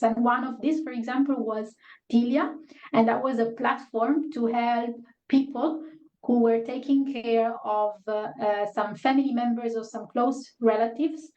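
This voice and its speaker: A woman with a slightly high, steady, somewhat dark voice speaks a little slowly as she hosts an online workshop. She talks casually over a video call, rambling through filler words. The call audio is roomy, dull and lo-fi.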